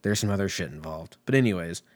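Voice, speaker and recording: A comedian launches into a rambling comic rant, swearing constantly, laughing often and drifting between tangents. His voice sits low, with lively intonation and a quick pace.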